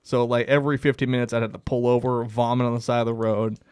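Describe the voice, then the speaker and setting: A man's voice: medium pitch, flat delivery, fast talker, a little mellow, clear, resonant tone, no echo. A young man co-hosting a comedy podcast, telling a rambling, profane hunting story. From Canada. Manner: profane, rambling, laughs through stories. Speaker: podcast co-host. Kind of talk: casual storytelling.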